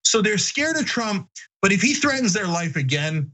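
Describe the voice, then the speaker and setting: A man's voice: high voice, moderate pace, poor audio. A man hosting a political commentary show, talking emphatically with sudden mocking outbursts. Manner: emphatic, animated, shouts mockingly at times.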